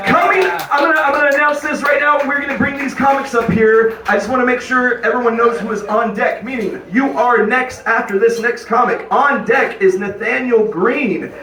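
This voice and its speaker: A man emceeing a comedy show, announcing comics in a loud, high-energy way. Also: normal speed, hardly any pauses. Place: comedy club stage. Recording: echoey club from a distant mic with crowd.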